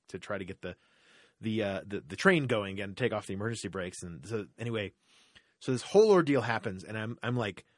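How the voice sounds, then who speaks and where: A man's voice: on the low side, no echo, clean studio sound. A man telling a long story in a casual, profane, rambling way, full of fillers. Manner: profane, rambling, animated retelling with many fillers.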